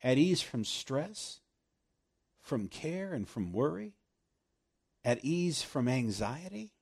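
A man preaching a sermon, animated and laughing often, slowing right down to stress scripture. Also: mid-range voice, vocal fry, breathy edge.

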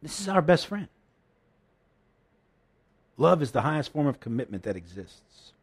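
Lively, high-voiced male preacher. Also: moderate pace, breathy edge. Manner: earnest, emotional preaching with frequent restarts. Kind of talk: sermon.

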